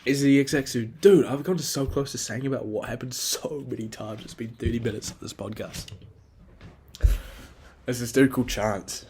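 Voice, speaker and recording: A man's voice: medium pitch, moderate pace, a little mellow, husky. A young man, rambling through a casual, profane and self-critical solo podcast monologue. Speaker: podcast host.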